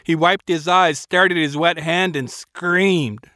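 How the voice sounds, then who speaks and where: A man's voice: fairly high pitch, fairly even intonation, takes it slowly, pushed and bright, no echo, clean studio sound. A man narrating a first-person audiobook in a wry, self-mocking storytelling manner.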